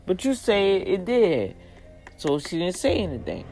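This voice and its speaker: A woman casually retelling a story, lively and expressive, acting out the people in it and dropping in religious asides. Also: unhurried, soft background music, poor audio. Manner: animated, acts out quoted voices with big pitch jumps.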